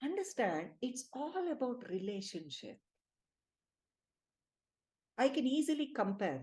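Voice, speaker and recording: Mellow-voiced Indian woman teaching. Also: mid-range voice, measured pace, long pauses. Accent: Indian English. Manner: lively, emphatic storytelling with quoted dialogue. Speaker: spiritual healing group leader. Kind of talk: spiritual teaching talk.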